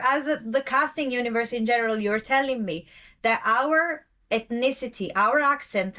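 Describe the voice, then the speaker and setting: A woman's voice: fairly high pitch, pushed and bright. A woman hosting a podcast whose first language is not English, giving a rambling, emphatic casual commentary full of fillers and self-corrections. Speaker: podcast host.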